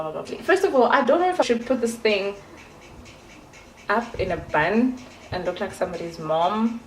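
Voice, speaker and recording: A woman in her twenties from South Africa talks to her viewers in a loose, rambling vlog style full of playful asides. Her voice sits in a middle pitch. The room around her rings with a noticeable echo. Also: a little hiss or hum. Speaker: vlogger. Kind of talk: casual chat to camera.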